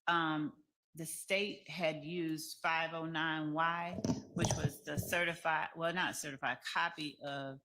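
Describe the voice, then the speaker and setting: A woman attorney making a legal objection in court, measured, with occasional fillers. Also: medium pitch, flat delivery, pushed and bright, slight background noise.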